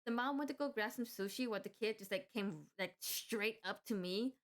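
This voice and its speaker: A woman's voice: medium pitch, brisk. A young woman telling a work story casually, with rambling restarts and frequent fillers. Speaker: vlogger.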